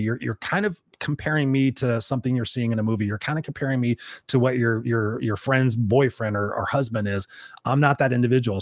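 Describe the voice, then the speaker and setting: A man's voice: mid-range voice, dry recording, clean studio sound. A middle-aged man hosting a livestream, talking earnestly and emphatically about relationships and reading out viewer comments. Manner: earnest, emphatic, quotes others in a raised voice. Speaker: livestream host. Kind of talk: motivational livestream talk.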